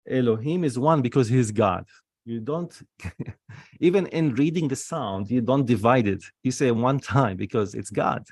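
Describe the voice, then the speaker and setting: A man's voice: medium pitch, a little slow, darkish tone, no room sound, studio quality. A man teaching an online Hebrew reading lesson, patiently sounding words out syllable by syllable and repeating key points.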